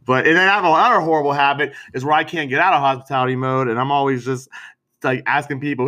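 Bright-voiced, profane man chatting. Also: mid-range voice, quick pace. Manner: profane, laughing, animated storytelling. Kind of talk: casual chat.

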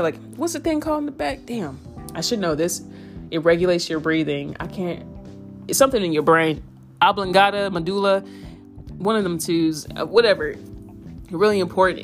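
Young woman podcaster, lowish voice, cussing and slang, soft guitar music behind. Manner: animated, profane, slangy storytelling. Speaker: podcast host. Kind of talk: casual storytelling.

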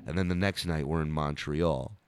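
A man's voice: rumbling low, moderate pace, smooth, dry recording. A male comedian telling a story on a podcast, swearing and acting out scenes. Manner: animated, swearing, acts out scenes. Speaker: comedian guest.

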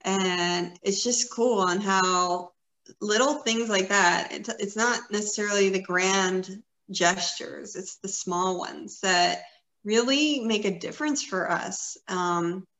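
A woman's voice: mid-range voice, slow pace, fairly bright tone. Earnest woman in her fifties. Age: 50s. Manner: earnest, encouraging, rambling with fillers. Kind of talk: casual conversation. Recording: roomy echo.

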